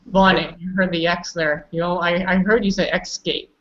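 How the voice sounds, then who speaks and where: A woman's voice: fairly low pitch, little pitch movement, normal speed, fairly bright tone, highs cut off. A woman teaching English pronunciation, patiently correcting students and calling on them by name. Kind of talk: online pronunciation lesson.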